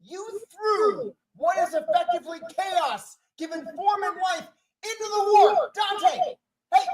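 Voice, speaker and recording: A woman's voice: very high voice, a little slow, low-quality recording. A woman playing a frantic, exasperated pleader. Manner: pleading, then shouting in disbelief. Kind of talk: fan audio drama acting.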